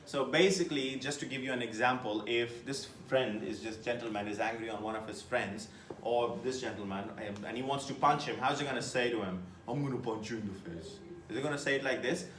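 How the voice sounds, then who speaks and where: A man teaching a test-prep class, lecturing with lively emphasis and putting questions to his students. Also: medium pitch, fairly quick, reverberant, a little hiss or hum.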